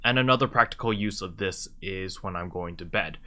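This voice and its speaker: A man's voice: low-pitched, brisk, pushed and bright. A man talking casually to viewers, explaining a simple relaxation habit with plenty of fillers and restarts. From lives in China. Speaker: YouTuber giving advice. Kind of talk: casual advice talk to camera.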